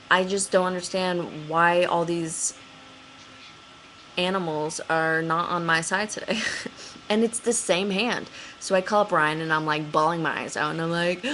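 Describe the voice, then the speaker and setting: A young woman vlogging, telling a story casually with lots of fillers and acting out her own panicked lines in a higher voice. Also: slight background noise, rough recording. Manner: chatty, excitable, many fillers, acts out her own panicked quotes in a higher voice.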